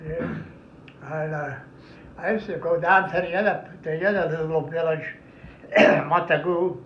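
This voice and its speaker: A man's voice: on the high side, fairly even intonation, a little slow. An older man, a veteran, recounting his memories in a rambling, heavily profane oral history interview. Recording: echoey, somewhat muffled room recording.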